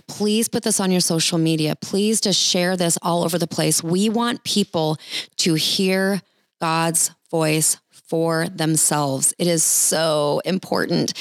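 A woman's voice: on the low side, dry recording. A woman ministry leader giving an encouraging talk with prayer, earnest and chatty, speaking straight to the listeners.

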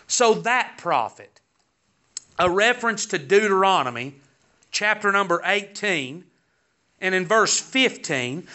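A man's voice: high voice, lively intonation, unhurried, pushed and bright. A man teaching a Sunday school class, reading Bible verses aloud and then explaining them. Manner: reads scripture aloud in King James wording, then explains it. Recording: dull, lo-fi recording.

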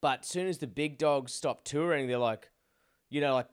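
A man's voice: medium pitch, moderate pace, clean tone, no room sound, clean studio sound. A man co-hosting a podcast in casual chat, swearing freely and rambling through restarts. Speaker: podcast co-host.

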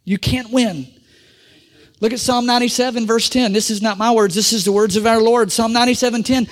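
A middle-aged male pastor preaching a sermon, calling on the congregation for amens and swinging between loud pushes and quiet asides. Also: very high voice, steady tone, a little fast.

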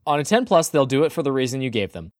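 A man's voice: mid-range voice, sing-song, fast talker. A man running a tabletop game as game master, describing scenes playfully and often laughing.

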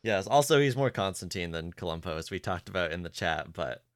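Lively, questioning podcast co-host. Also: sits low, fairly quick. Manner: curious, questioning, rambling with restarts. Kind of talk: casual chat.

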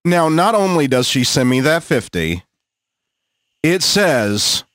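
A man's voice: fairly high pitch, sing-song, takes it slowly, a bit bright, dry recording, studio quality. A man in his thirties, a podcast host, telling a crude story in laid-back, laughing casual chat. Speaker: podcast host and rideshare driver.

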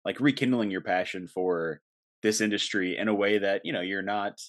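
Chatty enthusiastic man, low voice. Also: fairly even intonation, normal speed. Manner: enthusiastic, chatty, laughs easily. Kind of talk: casual podcast chat.

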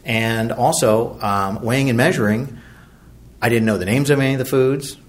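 A man's voice: medium pitch, normal speed. Rambling middle-aged man telling a recovery story. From Virginia, USA. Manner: rambling, self-deprecating, with many fillers and restarts. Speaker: recovery meeting speaker.

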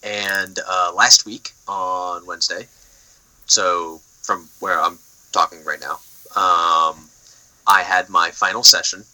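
Bright-voiced young man rambling casually. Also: low-pitched, slow, poor audio. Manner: rambling and animated, heavy on fillers and swearing. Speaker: podcast co-host. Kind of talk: casual chat.

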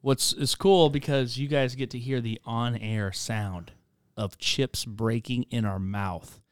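A middle-aged man, a pastor hosting a casual chat show, joking and telling animated stories. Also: medium pitch, slow, clean tone, dry recording, clean studio sound. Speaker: pastor and podcast host.

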